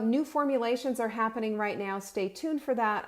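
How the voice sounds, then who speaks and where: A woman hosting a nutrition and cooking live stream, chatting in an animated way, often restarting her sentences. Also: fairly high pitch, moderate pace. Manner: chatty and animated, with frequent restarts and self-corrections; breaks into laughter. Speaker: host of a nutrition and cooking show. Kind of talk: casual live-stream chat.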